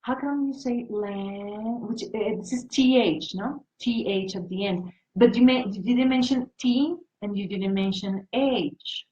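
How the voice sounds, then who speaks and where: A woman's voice: medium pitch, unhurried, hardly any pauses, dark tone, dull audio. Hesitant woman asking questions, echoey call. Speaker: workshop participant.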